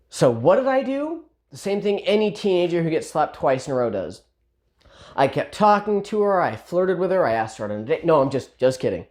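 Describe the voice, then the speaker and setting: A man telling a personal story in a casual, animated, self-deprecating way. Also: fairly high pitch, brisk.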